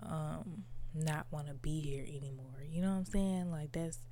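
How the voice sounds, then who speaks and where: Low, mellow-voiced woman podcast host. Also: steady tone, normal speed, a little hiss or hum. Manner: reflective, candid, many fillers like "like" and "you know". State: tearful at times. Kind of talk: casual personal monologue.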